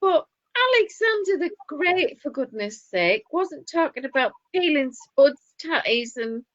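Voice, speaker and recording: A woman's voice: high voice, lively intonation, unhurried, fairly bright tone, dry recording. A woman with a Northern English accent co-hosting a casual chat, opinionated and chatty with laughing asides. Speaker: podcast co-host. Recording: dull lo-fi dry sound.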